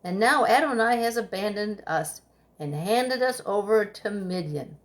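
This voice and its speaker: Woman reading scripture slowly. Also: medium pitch, animated. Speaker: scripture reader.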